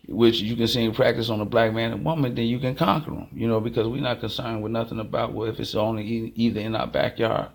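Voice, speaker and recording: A man with a Chicago accent delivering a rambling, casual monologue, telling stories fast and acting out both sides of the exchanges. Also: on the low side, creaky. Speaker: channel host.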